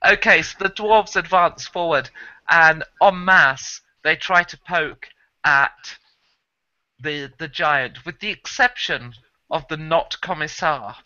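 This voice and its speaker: A man's voice: on the high side, slow, pushed and bright. A man running a tabletop game as game master over voice chat, chatty and often laughing as he narrates. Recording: dull lo-fi voice chat audio.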